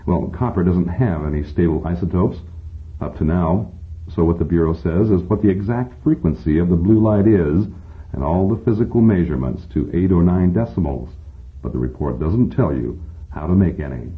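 A man's voice: sits low, expressive. A man reading an audiobook, voicing a matter-of-fact male professor explaining things to students. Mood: lecturing. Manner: explanatory, brisk lecturing. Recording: tinny phone-like sound.

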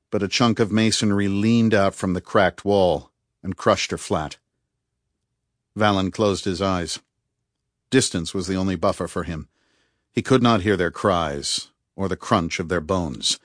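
A man giving measured, grave scripted narration of a novel as audiobook narrator. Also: deep voice, dry recording, studio quality.

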